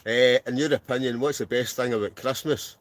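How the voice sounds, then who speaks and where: Scottish host, mid-pitched, playful live-stream banter from a tent. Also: male voice, steady tone, fairly quick, no echo. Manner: jokey, laughs often, reads names aloud. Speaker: wild camping channel host. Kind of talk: casual live-stream chat reading out comments. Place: inside a heated camping tent.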